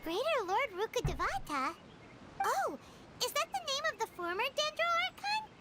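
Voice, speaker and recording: A woman voicing a tiny, chirpy floating girl companion in a game, with a very high voice and light effects on it. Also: huge pitch swings, normal speed, heavy background noise, full character voice. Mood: curious. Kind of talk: game voice acting. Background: game music.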